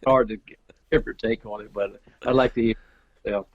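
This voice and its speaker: A middle-aged man from Georgia, telling a rambling, animated story as a guest in a casual interview. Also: on the low side, fairly quick, dry recording, dull audio. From Georgia, USA. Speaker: guest, pro pool player.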